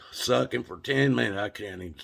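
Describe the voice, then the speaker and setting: Brief: plainspoken Appalachian man spinning a yarn, drawled and unhurried, crisp bright edge. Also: medium pitch. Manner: drawling, plainspoken, cusses casually. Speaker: storyteller. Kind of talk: folksy storytelling monologue.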